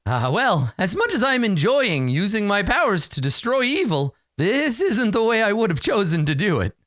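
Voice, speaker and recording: Captive unicorn, voiced by a man: high, soft, polite and sad, with a dry, close sound. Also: big pitch swings, moderate pace, no echo. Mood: wistful.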